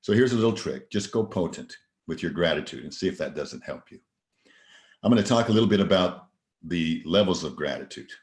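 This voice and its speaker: A man with a very low voice giving an earnest motivational talk, mixing personal stories with rhetorical questions. His voice rings a little in an echoey room. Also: lively intonation, a little fast, a little mellow. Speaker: motivational speaker. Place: virtual event presentation.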